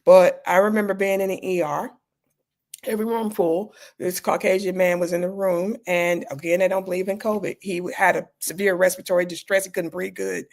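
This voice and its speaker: Fifty-something woman doc on an interview, frank and dry, bit of gravel in the voice. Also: lowish voice, little pitch movement, fairly quick. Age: 50s. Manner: frank, conversational, with dry humor. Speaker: guest, emergency doctor and speaker. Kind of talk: candid interview storytelling.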